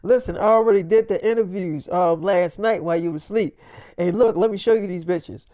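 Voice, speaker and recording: A man's voice: high voice, fairly quick, dark tone, no room sound, clean studio sound. A man telling an improvised story in a casual, rambling way and swearing a lot.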